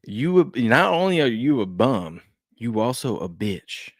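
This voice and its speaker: A man's voice: mid-range voice, sing-song, measured pace, no room sound. A man hosting a casual sports talk show, rambling and restarting his sentences as he reacts to game clips and chat. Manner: rambling, repeats himself, frequent restarts and fillers.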